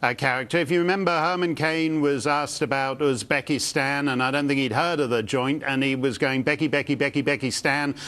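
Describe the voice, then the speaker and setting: A man's voice: mid-range voice, a little fast, few pauses. A man appearing as a guest commentator on a cable news interview, wry and sardonic. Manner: wry, animated, sardonic asides.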